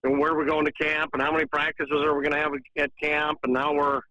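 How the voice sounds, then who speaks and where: A man's voice: on the high side, little pitch movement, fast talker, bright, forceful tone, no echo, highs cut off. A football coach in his forties, talking through game plans on a radio interview with plenty of fillers and restarts. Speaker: high school football coach.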